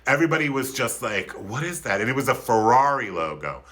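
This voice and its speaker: A Philadelphia man in his fifties tells a comic story on a livestream, his voice very animated, fairly quick and a bit bright. His delivery is campy, flamboyant and theatrical, erupting now and then into sudden high-pitched outbursts.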